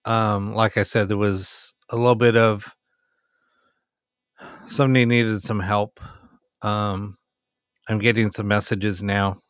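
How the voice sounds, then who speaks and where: A man's voice: fairly low pitch, level tone, slow pace, pauses often, fairly bright tone, clean tone, no echo, clean studio sound. A man hosting a late-night ghost box livestream, talking casually with many ums and sounding tired.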